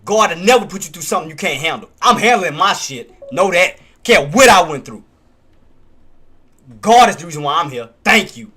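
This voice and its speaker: A man's voice: on the high side, lively intonation, moderate pace, pushed and bright, husky. A man hosting a live stock trading stream, talking in an emphatic, repetitive, streetwise casual way. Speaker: stock trading livestream host.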